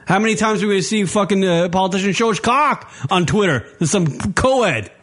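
A male radio show host ranting in a loud, profane way and repeating himself as he goes. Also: high voice, animated, a little fast. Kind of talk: brash profane radio rant.

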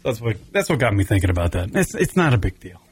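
A man's voice: fairly low pitch, quick pace, slight background noise. A man from Long Island hosting a casual comedy radio show, rambling and swearing as he tells stories. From Long Island, New York. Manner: profane, rambling, animated storytelling.

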